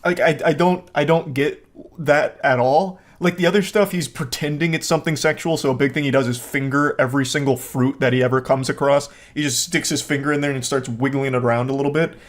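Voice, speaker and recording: A man's voice: medium pitch, fairly even intonation, a little fast. A man giving comedic reaction commentary, sarcastic and incredulous, breaking into laughter often.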